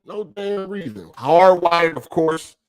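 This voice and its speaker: Venting his frustration on a gaming podcast stream, a man talks casually, heavy on swearing and slang. His voice is on the high side and expressive, and he takes it slowly. The audio comes from a streaming setup on a weak connection.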